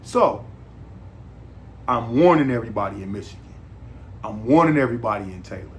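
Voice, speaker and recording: A man hosting his own show, talking straight through a casual, rambling monologue. He repeats himself for emphasis and leans hard on key points, and his pitch sits in an ordinary middle range. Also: animated, fairly quick. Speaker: podcast host.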